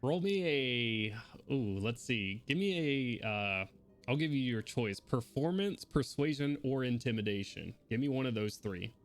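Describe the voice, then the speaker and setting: A man running a tabletop game as game master, brisk and orderly as he calls turns and rolls. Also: mid-range voice, expressive, soft background music.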